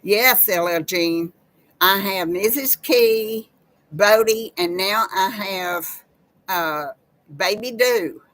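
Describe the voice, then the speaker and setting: A woman's voice: mid-range voice, slow, fairly bright tone, low-quality recording. A woman, hosting a casual live chat with viewers in a folksy, chatty way. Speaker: live-stream host.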